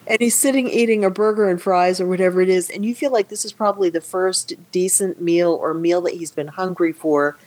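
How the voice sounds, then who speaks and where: Woman co-host, husky tone, casual and lively film chat. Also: on the low side, a little fast, few pauses. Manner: lively retelling with frequent laughs. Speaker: podcast co-host.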